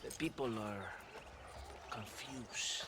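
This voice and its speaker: A man's voice: mid-range voice, slow, close to an everyday voice. A man playing a menacing army captain. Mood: brooding. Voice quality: theatrical, drawling menace. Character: smooth corrupt Mexican army captain, menacing. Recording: game audio with loud background noise.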